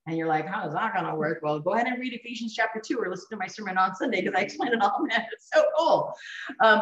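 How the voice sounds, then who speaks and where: A woman teaching a Bible study to a group, animated and enthusiastic, often laughing as she explains. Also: lowish voice. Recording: echoey room, mic at a distance, dull sound.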